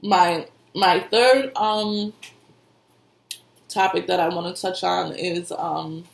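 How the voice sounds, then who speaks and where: Woman giving spiritual advice, conversational, gravelly voice, roomy echo. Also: on the low side, fairly even intonation, takes it slowly. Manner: conversational, repeats herself, laughs often. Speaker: intuitive reader and medium. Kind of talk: casual spiritual advice talk. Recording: echoey room.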